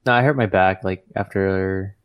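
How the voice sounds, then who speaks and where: A man's voice: low-pitched, moderate pace, clean tone. A man co-hosting a podcast, chatting casually in rambling sentences full of "like". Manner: rambling, heavy on "like" fillers. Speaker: podcast co-host.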